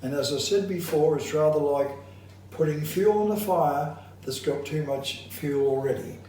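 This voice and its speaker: A man's voice: on the high side, mellow. Echoey, distant male voice coach. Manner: measured, instructive, slows to stress points. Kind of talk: singing lesson with demonstrations.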